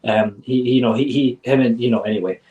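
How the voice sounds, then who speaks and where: A man's voice: medium pitch, steady tone, fairly quick, warm tone. A man speaking as an interview guest, candid and blunt, often restarting his sentences and swearing. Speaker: interview guest, former member. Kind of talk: casual interview. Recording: voice sounds distant from mic.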